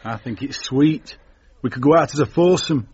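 A man playing husky, easygoing Wayne. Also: mid-range voice, normal speed, a little mellow, no echo, close to an everyday voice. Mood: cheerful. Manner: easygoing and good-natured. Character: dim, cheerful young boyfriend. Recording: dull, dry lo-fi sound.

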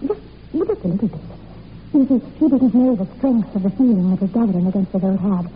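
A young woman acting in a 1940s radio drama, telling a dark family legend in an intense, breathless way. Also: medium pitch, fairly quick, close to an everyday voice. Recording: tinny old radio recording with faint hiss.

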